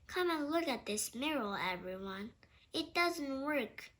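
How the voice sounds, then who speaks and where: A woman's voice: high-pitched, animated, unhurried, fairly bright tone. A woman voicing Kipper, a fearless, curious little boy in a children's storybook reading.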